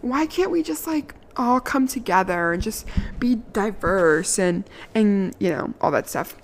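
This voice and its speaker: A young woman from the Washington, D.C. area telling a casual, animated story, full of "like" fillers and the odd swear word. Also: mid-range voice, measured pace, a little hiss or hum. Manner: chatty, animated, lots of "like" fillers, occasional swearing. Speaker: vlogger.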